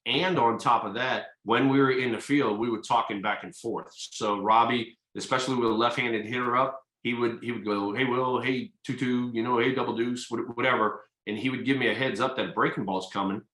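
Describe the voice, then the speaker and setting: A man's voice: mid-range voice, steady tone, fairly quick, few pauses, a bit bright, roomy sound, poor audio. An older man, a retired ballplayer, answering interview questions in an easygoing, folksy way. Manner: easygoing, folksy, fillers like "you know". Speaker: retired baseball player, guest.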